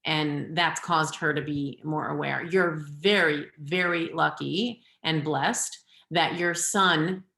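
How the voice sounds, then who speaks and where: A middle-aged woman, a parenting coach, gives earnest, direct advice and instructions during a webinar held over a video call. Her voice is deep, pushed and bright, with a steady tone, a slow pace, vocal fry, and few pauses. The room sounds echoey.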